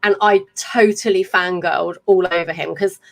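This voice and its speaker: An English woman in her thirties hosts a podcast as a casual live chat, chatty and effusive, tumbling through rambling stories. Her voice is on the low side and creaky, with a steady tone and moderate pace.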